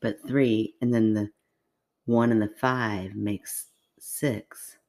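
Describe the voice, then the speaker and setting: A woman's voice: extremely low pitch, steady tone, slow pace, a crowd in the background. A woman co-hosting a podcast in casual chat, playful and giggly, stumbling as she reads listener stories aloud. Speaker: podcast co-host.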